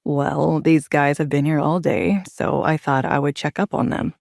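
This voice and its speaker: A woman plays a young male werewolf alpha in an audio drama, protective and sure of himself. The voice sits very low for her and is firm and steady, close and dry with no room sound. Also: normal speed, gravelly, dry recording. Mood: calm, charming.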